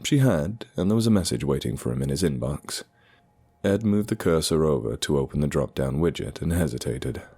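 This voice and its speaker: A man narrating a horror story with expressive storytelling. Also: a bass voice, fairly quick, vocal fry, slightly rough. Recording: dark music underneath.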